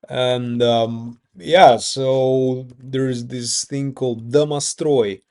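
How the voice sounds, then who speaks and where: A young Russian-accented man talking to camera in a loose, rambling monologue, cutting himself off and swearing freely. His delivery is slow and unhurried, and his voice sits dark and mellow. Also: mid-range voice, steady tone. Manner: rambling, swears often, self-interrupting. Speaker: vlogger. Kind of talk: casual monologue.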